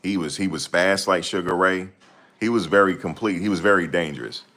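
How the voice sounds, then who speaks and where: Deep voiced guy rambling about stuff, slangy, keeps losing names. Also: brisk, a bit bright. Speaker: host. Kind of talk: casual chat.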